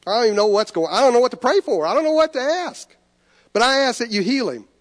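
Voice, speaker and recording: High-voiced man preaching in a reverberant sanctuary. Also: animated, quick pace. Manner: earnest, shifts between soft pleading and lifted emphasis. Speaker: pastor. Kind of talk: sermon. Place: church sanctuary.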